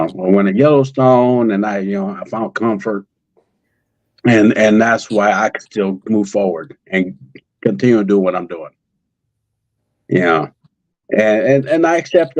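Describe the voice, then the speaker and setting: A man talking in an emotional conversation, halting and repeating words as he speaks through tears. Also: on the low side, darkish tone, no echo, muffled recording. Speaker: guest, father of a missing daughter.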